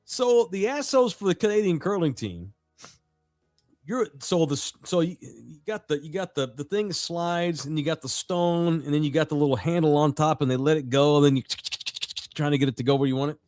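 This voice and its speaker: A man co-hosting a sports radio show, telling stories in a loud, profane, animated way. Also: fairly high pitch, fairly quick, dry recording, soft background music. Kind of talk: casual sports talk.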